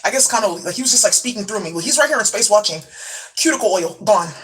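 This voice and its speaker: A woman's voice: medium pitch, animated, quick pace, fairly bright tone, rough recording. A woman vlogging a rambling, conspiratorial monologue, cursing freely and filling her talk with "like" while holding up beauty products. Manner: profane, rambling, full of "like" fillers; conspiratorial, jumps between topics while showing products.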